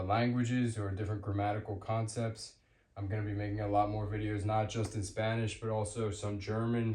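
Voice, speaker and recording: A man giving an unscripted language lesson, pausing often with ums and restarting his sentences. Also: lowish voice, a little mellow, echoey room. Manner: hesitant, with many ums and restarts. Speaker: language teacher.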